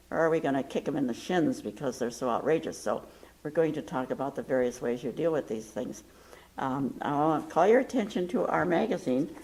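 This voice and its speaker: Woman host, deep gravelly voice, punchy and animated, quotes people a lot. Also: poor audio. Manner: emphatic, animated storytelling with quoted lines. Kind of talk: casual talk-show chat.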